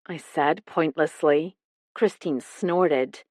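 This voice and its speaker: A woman narrating a mystery audiobook in the first person, with clear, even storytelling. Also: low voice, slow, no echo, studio quality.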